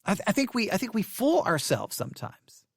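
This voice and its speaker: Gravelly high-voiced man giving a devotional talk. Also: wildly swooping pitch, dry recording, clean studio sound. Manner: halting, repeats and corrects himself often. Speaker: devotional study host. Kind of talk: informal devotional teaching.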